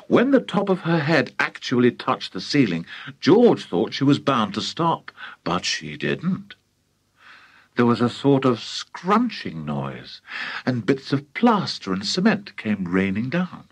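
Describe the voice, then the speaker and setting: An older British man narrating a children's audiobook with theatrical, highly expressive storytelling. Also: unhurried, husky. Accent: British English. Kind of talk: audiobook reading.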